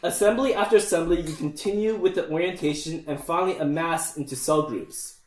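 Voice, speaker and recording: A man narrating as game master in a relaxed, chatty way, laughing easily with his players. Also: a little high, brisk, echoey room, poor audio.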